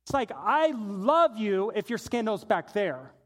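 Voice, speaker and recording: High-voiced man preaching a sermon. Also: very animated, measured pace. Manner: storytelling, swings from hushed to shouting. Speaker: pastor.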